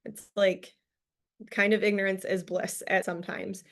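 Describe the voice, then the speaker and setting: A woman's voice: mid-range voice, level tone, a little slow, a bit bright. Woman, video call, chatty upbeat motivational talk, casual fillers, team training. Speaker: team leader presenting a business training call.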